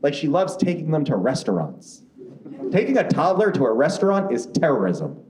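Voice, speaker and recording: Brash, animated stand-up comedian. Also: male voice, on the high side, normal speed. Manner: brash, profane storytelling. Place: comedy club stage. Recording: roomy club with crowd noise.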